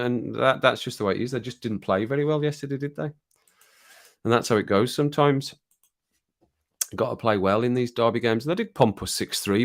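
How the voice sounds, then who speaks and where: A man's voice: mid-range voice, a bit bright. A middle-aged man with an English Midlands accent, chatting casually and rambling to live viewers from his home streaming room, chuckling as he goes. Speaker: livestream host.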